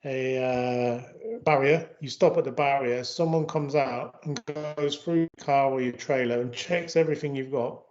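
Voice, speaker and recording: A man's voice: mid-range voice, moderate pace, few pauses, darkish tone. A man from England co-hosting a casual chat, telling anecdotes in a chatty storytelling way. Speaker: co-host. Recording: dull lo-fi sound.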